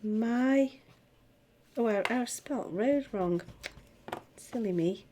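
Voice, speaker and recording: A middle-aged woman teaching music theory, chatting as she writes and sounding out words slowly. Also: fairly high pitch, warm tone, slight background noise. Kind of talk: tutorial, talking while writing.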